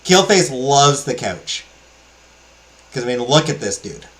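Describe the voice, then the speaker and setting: Male let's-play host, casual, enthusiastic, filler-heavy, average pitch. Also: very animated, a little slow, low-quality recording. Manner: rambling, enthusiastic, many fillers. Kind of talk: casual game commentary.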